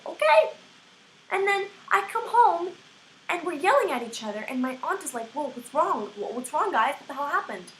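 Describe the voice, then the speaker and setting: A woman's voice: high-pitched, slight background noise. Ranting young woman, put-on American accent. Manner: exasperated, swearing, animated ranting. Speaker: vlogger. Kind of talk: ranting to camera. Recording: echoey room.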